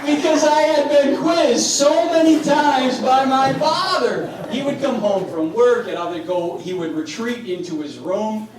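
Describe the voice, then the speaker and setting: A man telling humorous family stories to an audience at a parish event, animated and acting out the voices of family members. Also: very high voice, a little slow, few pauses. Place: parish hall. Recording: echoey hall, distant mic, background noise.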